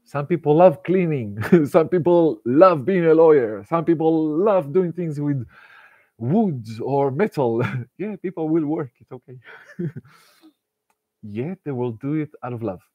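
A man, giving a casual, animated self-help talk and laughing often between thoughts. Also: fairly high pitch, measured pace, dry recording, narrow, tinny audio. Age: 40s. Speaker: motivational speaker.

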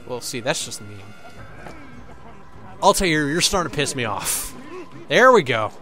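A young man doing casual let's-play commentary, joking and swearing a lot, with animated outbursts. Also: mid-range voice, a little slow. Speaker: gameplay commentator. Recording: faint game music behind.

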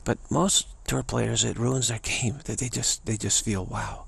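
Casting: gravelly, raspy male teacher, rambling, stammering delivery. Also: medium pitch, steady tone, moderate pace, fairly bright tone. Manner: rambling, many restarts and stammers, laughs often. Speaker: spiritual teacher. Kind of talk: casual spoken talk.

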